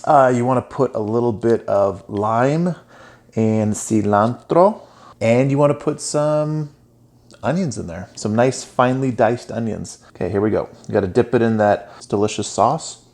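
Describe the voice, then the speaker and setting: A man's voice: mid-range voice, normal speed, a little mellow. A man hosting a casual cooking video, chatting enthusiastically as he cooks and tastes the food. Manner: chatty and enthusiastic, talks while cooking and tasting. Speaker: cooking channel host.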